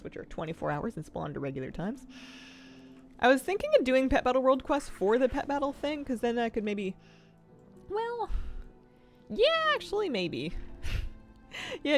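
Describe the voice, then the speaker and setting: Giggly, lively-voiced woman streamer. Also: medium pitch. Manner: chatty, giggly, rambling asides. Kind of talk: casual gaming stream chat.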